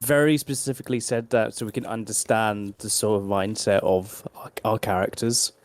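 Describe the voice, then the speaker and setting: A man co-hosting a casual podcast chat, speaking in a deadpan, dryly sarcastic way. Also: on the low side, moderate pace, dry recording. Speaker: podcast co-host.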